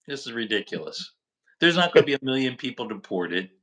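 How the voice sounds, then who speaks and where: Earnest doctor guest, a man with a bright, forward voice, explaining at mid pitch. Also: big pitch swings. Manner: earnest, explanatory, halting with fillers. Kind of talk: casual discussion.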